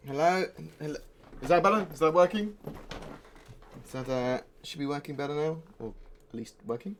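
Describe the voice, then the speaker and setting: A man's voice: fairly high pitch, normal speed, slight background noise. A man streaming a video game live, chatting in a rambling, distracted way with plenty of asides. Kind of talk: live-stream chat while gaming. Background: faint music.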